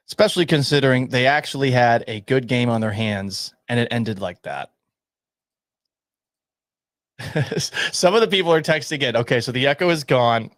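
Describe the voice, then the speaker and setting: Speaking into a studio mic at a mixing board, a sports talk radio host reads texts from listeners and delivers opinionated, sarcastic takes, punctuated by self-mocking laughter. His medium-pitched voice is expressive, his pace normal, and there's no room sound.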